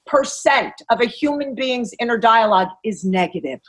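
A woman's voice: a little high, lively intonation, poor audio. A middle-aged woman coach talking in a podcast interview, emphatic and blunt, swearing freely and acting out inner voices. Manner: acts out inner voices in quick asides. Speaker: master coach, podcast guest.

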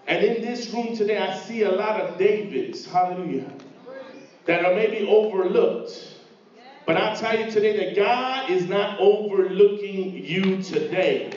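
A man's voice: high voice, measured pace, darkish tone. A man preaching a sermon to a congregation, retelling a story and acting out its voices with rising fervor. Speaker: pastor. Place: church sanctuary. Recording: echoey hall from far off, dull.

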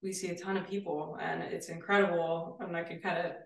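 A woman's voice: lowish voice, little pitch movement, brisk, vocal fry. Enthusiastic woman guest, echoey room. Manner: enthusiastic, explanatory. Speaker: guest therapist. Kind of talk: casual interview chat. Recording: roomy, distant mic.

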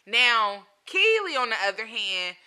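A woman's voice: on the high side, sing-song, measured pace, sharp tone. A woman co-hosting a podcast in casual chat, recapping events in a chatty, storytelling way. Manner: chatty storyteller, acts out what others said. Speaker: podcast co-host.

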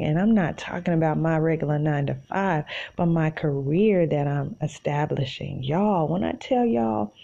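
Low gravelly woman, animated and rambling. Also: dull audio. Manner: animated, self-encouraging, rambling. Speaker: podcast host. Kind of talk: casual solo podcast monologue. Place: in bed at home.

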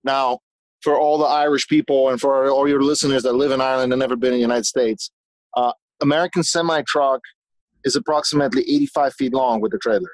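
A man telling stories as a guest in a casual conversation, animated and talkative, often restarting his sentences. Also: medium pitch, fast talker, no room sound, low-quality recording. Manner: swears casually. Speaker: guest, business owner.

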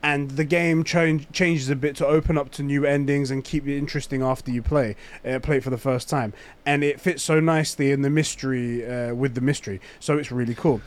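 A man with a London accent co-hosting a casual gaming chat, rambling with lots of fillers and quick to laugh. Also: mid-range voice, fairly even intonation. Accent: London English. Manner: rambling, full of fillers, breaks into loud laughter. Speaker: podcast co-host.

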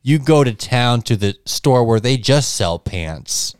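A man's voice: medium pitch, animated, slow, clean tone. A young man co-hosting a podcast in casual chat, jokey and rambling. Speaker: podcast co-host.

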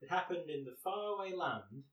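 A man co-hosting a podcast, playful and teasing, with a fairly high voice that swings widely in pitch. The room sounds echoey around him. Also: animated, a bit bright, distant mic. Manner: playful, teasing, quick to laugh. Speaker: podcast co-host. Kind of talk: casual comedic chat.

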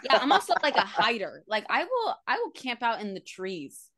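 A woman co-hosting a casual podcast, talking quickly and emphatically close to her mic. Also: a little high, huge pitch swings, a bit bright. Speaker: podcast co-host. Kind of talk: casual chat.

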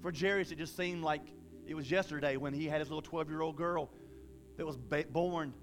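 High-voiced man preaching a lively sermon. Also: fairly quick, music in the background. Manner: animated, conversational preaching with bursts of emphasis; folksy, casual phrasing.

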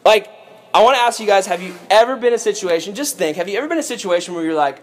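A male youth pastor telling a sermon story with jokes and playful asides. His voice sits high for a man and he keeps it animated. The tone is casual and comic. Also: rapid-fire, a little hiss or hum.

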